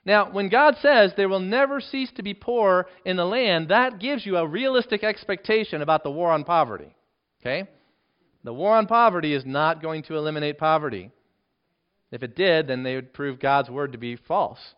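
A man delivers a sermon in an earnest, emphatic way, his voice sitting a little high for a man. He drops to a hushed tone on key points. The recording is dull and lo-fi. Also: normal speed, clear, resonant tone. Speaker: pastor.

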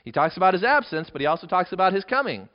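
A man preaching a verse-by-verse sermon in a somewhat high, very lively voice that rises sharply whenever he acts out a quoted line. The recording sounds dull and lo-fi. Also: fast talker. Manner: animated, acts out quoted lines with rising pitch. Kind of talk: expository sermon.

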